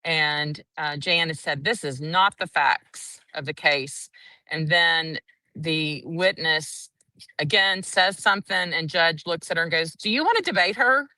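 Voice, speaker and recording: A woman's voice: low voice, steady tone, slow, pushed and bright, no room sound, far from the mic. A woman, casually recapping a trial day and acting out the quotes in a chatty, breathless way. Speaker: courtroom trial reporter.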